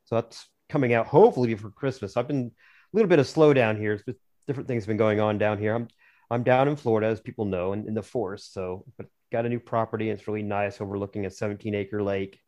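A man's voice: lowish voice, fast talker, a little mellow. A man on a podcast as a guest author, chatting casually in a rambling, jokey way with frequent restarts. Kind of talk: casual chat.

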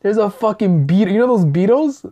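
A woman's voice: mid-range voice, lively intonation, fairly quick, warm tone, lo-fi sound. A young woman hosting a podcast, telling stories in loose, profane casual chat with lots of laughter. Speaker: podcast host.

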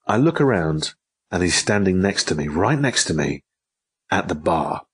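A man, an author telling a story in an interview, lively and given to repeating and restarting his phrases. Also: low-pitched, moderate pace, slightly rough, no room sound. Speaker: author and guest.

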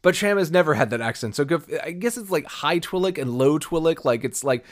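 A man's voice: fairly high pitch, expressive, fairly quick. A man co-hosting a podcast, talking casually and rambling, acting out quoted reactions as he goes. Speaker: podcast co-host. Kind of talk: casual chat.

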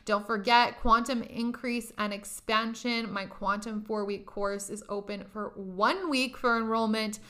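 Bright-voiced woman hosting a podcast. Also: fairly high pitch, steady tone, unhurried, few pauses. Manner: profane, emphatic, laughs often. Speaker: podcast host. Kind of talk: casual motivational monologue.

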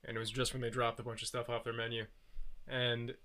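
A man telling a story on a casual podcast, rambling and restarting as he goes. His voice sounds bright and slightly tense. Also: mid-range voice, monotone, fast talker.

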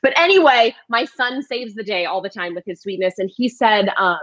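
A woman's voice: medium pitch, lively intonation, normal speed, fairly bright tone, dry recording, dull audio. A woman in her thirties hosting a casual podcast chat, telling stories about her kids with frequent laughter. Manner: laughs often, chatty storytelling. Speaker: podcast host.

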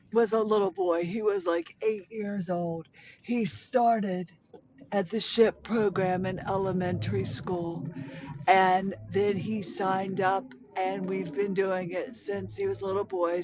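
A woman in her forties with a hoarse, strained voice, excitedly rambling through a casual personal update. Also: fairly low pitch, highs cut off, slight background noise. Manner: excited, rambling, breathless enthusiasm. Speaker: podcast host.

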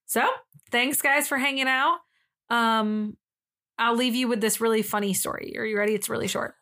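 A woman's voice: on the high side, fairly even intonation, normal speed, bright, forceful tone. A young woman co-hosting a podcast, telling a funny story in casual chat, acting out quotes and swearing now and then. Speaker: podcast co-host.

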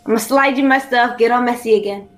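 A woman's voice: on the high side, fast talker, a crowd in the background. A woman playing a tabletop game, talking playfully and giggling often. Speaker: player. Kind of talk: casual game chat.

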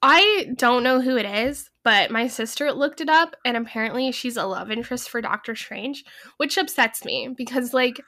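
A woman's voice: on the high side, moderate pace, bright, forceful tone. A young woman co-hosting a casual movie review chat, rambling and swearing, with constant fillers. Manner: rambling, profane, heavy use of "like". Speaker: podcast co-host.

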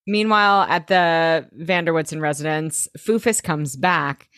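Lowish-voiced woman podcaster recapping a show, swears, laughs, does the lines, dry sound. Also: unhurried, no echo. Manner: lively, swears, laughs, acts out quotes. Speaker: podcast co-host. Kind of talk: casual episode recap chat.

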